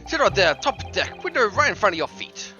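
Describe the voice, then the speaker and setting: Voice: mid-range voice, sing-song, brisk, bright, forceful tone. A streamer doing a Cockney banker witness. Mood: assured. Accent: Cockney, put on. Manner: chatty and self-assured testimony. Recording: muffled, with game music behind.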